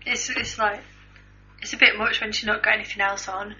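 A woman's voice: medium pitch, flat delivery, fairly quick, pushed and bright. A woman co-hosting a casual chat show, gossiping about tabloid news with giggles. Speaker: co-host. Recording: dull lo-fi recording.

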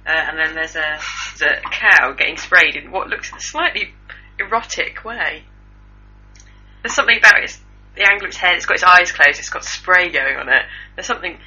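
A woman's voice: lowish voice, lively intonation, moderate pace, pushed and bright, breathy edge, lo-fi sound, faint music behind. Chatty, wry woman on radio. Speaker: radio co-host. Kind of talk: casual chat reading out news stories.

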